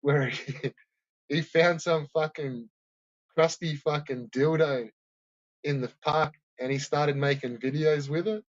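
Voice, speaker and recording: Man, casual sweary commentator, a bit high-pitched, lo-fi sound. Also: fairly even intonation, slow pace, no echo. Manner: profane, rambling, laughs often.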